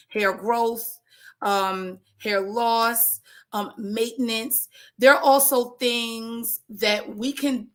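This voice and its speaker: A woman who works as a trichologist, giving casual, animated business advice to other trichologists, with lots of slang, asides and jokes. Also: on the high side. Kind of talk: casual educational talk.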